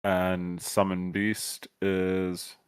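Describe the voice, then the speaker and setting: A man with a very low voice runs a tabletop game as game master. He narrates in a loose, casual way and swears freely. The sound is dry and close. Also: completely flat delivery, extremely slow, smooth, no echo.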